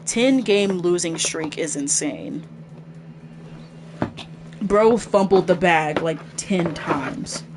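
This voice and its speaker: A woman's voice: fairly low pitch, slow, long pauses, background noise. A woman casually commentating while streaming a video game, chatty and thinking aloud.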